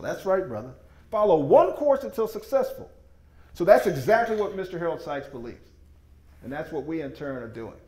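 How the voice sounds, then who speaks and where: A presenter with a fairly high voice runs a sales presentation with slides, his delivery lively and swooping. Emphatic and folksy, he sounds like he's bouncing off the walls of an echoey meeting room.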